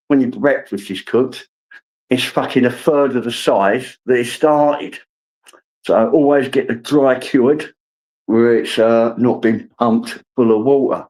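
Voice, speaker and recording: A man's voice: medium pitch, a little slow, a little mellow, rough recording. A middle-aged man hosting a casual livestream, greeting viewers by name and swearing freely. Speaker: livestream host.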